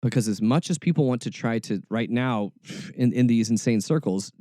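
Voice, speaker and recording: A man's voice: medium pitch, moderate pace, warm tone, no room sound, studio quality. A man hosting a faith podcast, talking emphatically with sarcastic asides. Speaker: podcast host. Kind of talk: podcast commentary.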